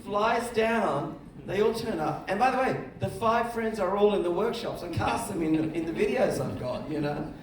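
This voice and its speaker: A middle-aged film director telling lively anecdotes during an on-stage festival conversation, acting out the voices of other people. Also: male voice, high voice, normal speed, hardly any pauses, crowd noise. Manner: animated storyteller, acts out other voices. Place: festival stage before an audience. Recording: echoey room, mic at a distance.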